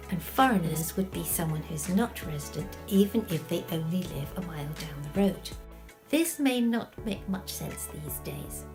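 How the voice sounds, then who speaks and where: A woman with a voice on the lower side, teaching fellow authors in a calm, measured way. She asks rhetorical questions and answers them herself, with faint music underneath. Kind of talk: explanatory video lesson.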